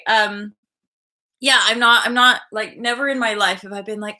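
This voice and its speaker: A woman in her thirties talks loosely to her viewers on a live spiritual update. Her voice is bright and forward, and she rambles and sidetracks. She keeps jumping up into high, gushing voices. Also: steady tone, unhurried. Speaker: spiritual vlogger hosting a live energy update. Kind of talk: rambling casual live chat.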